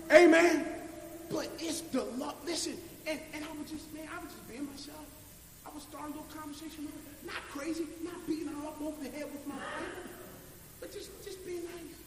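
High-voiced preacher shouting in an echoey church. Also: male voice, slight background noise. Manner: preaches in rising shouts with a sung cadence. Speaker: pastor. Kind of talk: sermon. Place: church sanctuary. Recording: echoey church hall, faint ambience.

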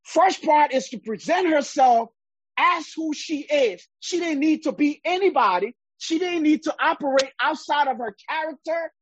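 A woman's voice: high voice, normal speed, dry recording. A woman teaching a Bible study in the style of a sermon, reading verses aloud and then explaining them with emphasis. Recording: dull, lo-fi sound.

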